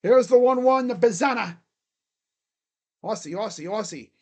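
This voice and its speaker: A man doing excitable live play-by-play as a fan, cheering, chanting and grumbling at his team. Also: high voice, moderate pace. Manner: animated, cheering and chanting, swings to muttered grumbling. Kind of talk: excited live game commentary.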